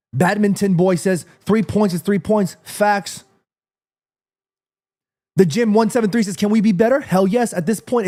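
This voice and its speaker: High-voiced heated streamer man. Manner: animated, swings from calm to heated rants, swears, reads chat aloud. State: sweaty after the match. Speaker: watchalong streamer. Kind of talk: live football watchalong reacting to chat.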